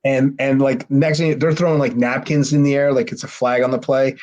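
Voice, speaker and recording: A man, a former pro wrestler guesting on a podcast, telling a rambling, profane story and mimicking others in a high voice. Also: fairly quick, few pauses, highs cut off. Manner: animated, mimics others with sharply raised pitch. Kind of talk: casual storytelling.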